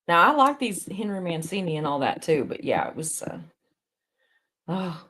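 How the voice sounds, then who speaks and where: Woman, lowish voice, chatty livestream host who rambles and laughs easily. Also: bright, forceful tone, husky. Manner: talks to viewers reading chat. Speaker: live stream host.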